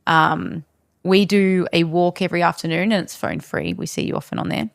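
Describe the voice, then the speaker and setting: A woman's voice: on the low side, steady tone, normal speed, gravelly, no echo, studio quality. A woman talking as a podcast guest in a casual interview, candid and frank as she tells stories.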